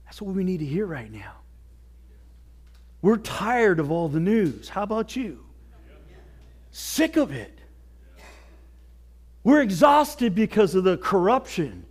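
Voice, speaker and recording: A male pastor preaching a sermon with earnest exhortation, dropping to near whispers and rising to shouts. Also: high voice, sing-song, slow pace, pauses often. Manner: swings from hushed to shouting.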